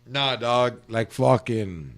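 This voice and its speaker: Slangy profane podcast host. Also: male voice, medium pitch, takes it slowly. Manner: slangy, profane, animated storytelling. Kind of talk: casual storytelling chat.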